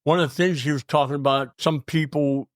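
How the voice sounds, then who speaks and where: A man's voice: a little high, fairly even intonation, fairly quick, dry recording. A man in his sixties, the family's father, chatting enthusiastically and emphatically on a family podcast. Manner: enthusiastic and emphatic, rising to cheers. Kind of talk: casual family podcast chat.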